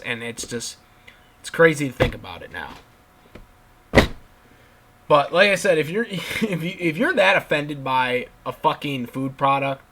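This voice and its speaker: A man's voice: medium pitch, bright, forceful tone. A young man giving an exasperated, ranting vlog commentary, repeating himself and swearing. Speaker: wrestling commentary vlogger.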